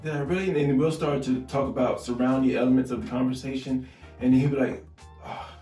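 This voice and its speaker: A man co-hosting a podcast, speaking calmly and reflectively about his relationship. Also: mid-range voice, fairly quick. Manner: calm, reflective, frequent agreeing and laughs. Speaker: podcast co-host. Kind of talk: casual chat about their relationship. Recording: roomy echo, mic at a distance, faint music.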